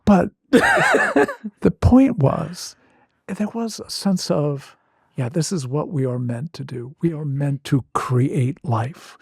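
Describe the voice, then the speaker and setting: A man, a therapist appearing as a guest, telling a personal story in a vivid, animated and self-mocking way. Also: on the high side, slow, breathy edge, dry recording, clean studio sound.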